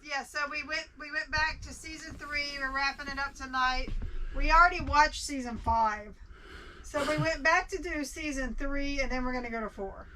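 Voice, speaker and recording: Chatty high-voiced woman. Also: a crowd in the background, low-quality recording. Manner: chatty, quick to laugh, finishes his sentences. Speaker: co-host of a reselling channel. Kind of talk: casual chat.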